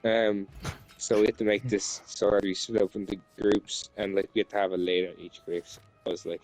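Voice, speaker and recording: Man, lowish voice, casual pun setup, light music under. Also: level tone, fairly quick, a little mellow, poor audio. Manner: setting up puns with frequent "right?". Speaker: friend telling jokes. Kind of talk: casual chat with friends.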